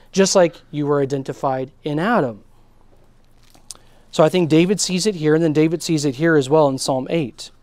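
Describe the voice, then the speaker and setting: A man preaching a sermon in an earnest style, his voice rising on key words and dropping to a hush. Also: a little high, no room sound. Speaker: pastor.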